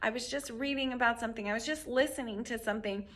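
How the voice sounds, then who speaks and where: A woman's voice: on the high side, fast talker. A middle-aged woman teaching parents how to handle tantrums in a conversational way, sometimes acting out quotes. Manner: conversational, acts out quotes with animated voices. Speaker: parenting coach. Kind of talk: instructional talk to camera.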